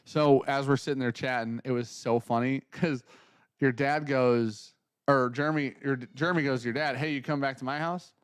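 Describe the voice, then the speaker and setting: A man co-hosting a casual talk stream, animated and acting out the people in his stories. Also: mid-range voice, normal speed, smooth, no room sound, clean studio sound. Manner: animated storyteller, acts out quotes. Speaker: podcast co-host. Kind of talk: casual chat.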